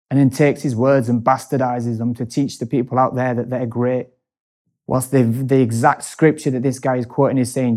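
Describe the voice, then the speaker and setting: A man hosting a casual chat, telling a personal story in an animated way, laughing often and speeding up in bursts. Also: mid-range voice.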